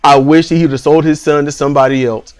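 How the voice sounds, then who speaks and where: A man's voice: on the high side, steady tone, fast, a little mellow. A man co-hosting a casual review podcast, blunt and profane, ranting with lots of laughs. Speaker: podcast co-host reviewing a TV series.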